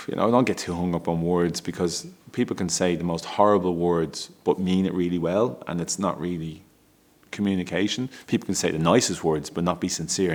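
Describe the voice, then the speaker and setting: A father with a very deep voice tells a candid, emotional personal story. He speaks haltingly, restarting often and laughing along the way.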